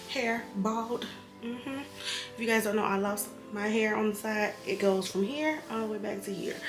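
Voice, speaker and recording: A woman's voice: mid-range voice, reverberant. A woman, a bit tipsy, talking candidly and emotionally in a personal vlog about hard times, rambling and sometimes getting heated. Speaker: vlogger, single mother.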